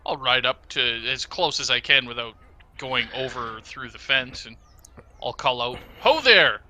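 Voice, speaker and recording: D&d player guy, really bright sharp voice, polite, lots of uhs. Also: mid-range voice, flat delivery, moderate pace, slight background noise. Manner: polite and hesitant, with fillers. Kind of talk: tabletop game play, in and out of character.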